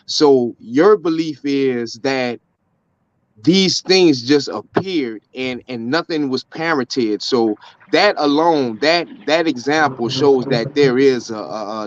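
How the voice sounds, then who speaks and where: A man on a live online panel, arguing for his faith in a preachy way and restarting his sentences often. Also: medium pitch. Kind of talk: religious debate on a live panel. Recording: dull lo-fi call audio.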